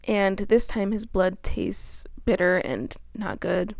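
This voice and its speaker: A woman's voice: mid-range voice, very animated, slow, vocal fry, darkish tone, no room sound, studio quality. A young woman giving a casual, chatty book recap, swearing and laughing often. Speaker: book reviewer.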